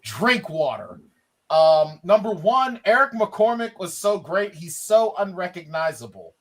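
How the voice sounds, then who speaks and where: Man, high voice, excited, rambling film chat, podcast co-host. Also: a little slow. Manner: enthusiastic, rambling with fillers. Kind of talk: casual film review chat.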